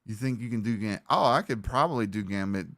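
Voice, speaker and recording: A man's voice: lowish voice, brisk, fairly bright tone, dry recording, studio quality. A man with an Alabama Southern accent, chatting casually on a live stream in a rambling, profane, offhand way.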